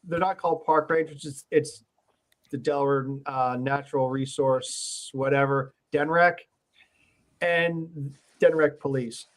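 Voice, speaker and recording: A man's voice: on the high side, fairly even intonation, a little slow. A man in a casual online chat, explaining points carefully and defining his terms. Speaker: ham radio operator on a livestream.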